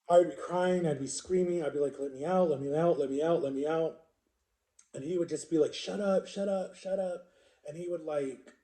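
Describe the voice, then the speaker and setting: A man in his forties talks to his viewers in a loose, rambling storytime, leaning on "like" and repeating himself. His voice sits a little high for a man yet sounds very dark and mellow. The room around him adds a clear echo. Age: 40s. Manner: rambling, filler-heavy, repeats words. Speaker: vlogger. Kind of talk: casual storytime monologue.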